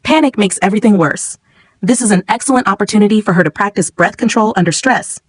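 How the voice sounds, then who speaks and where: A cruel substitute chemistry teacher speaks with calm, clipped contempt, read by a woman. The sound is dry and close, with no room around it. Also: mid-range voice, fast, slightly rough, dry recording, natural voice. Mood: cold, mocking.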